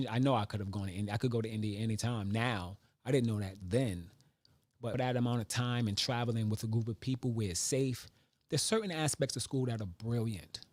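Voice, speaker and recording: A man's voice: medium pitch, dry recording. Man musing, dry close sound. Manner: animated storyteller, acts out voices of others. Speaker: vlogger. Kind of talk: casual reflective monologue.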